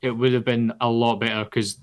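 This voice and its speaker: A man's voice: medium pitch, level tone, brisk, muffled recording. A Scottish man co-hosting a podcast, chatting and laughing, breaking in with asides. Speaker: podcast co-host. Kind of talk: casual chat.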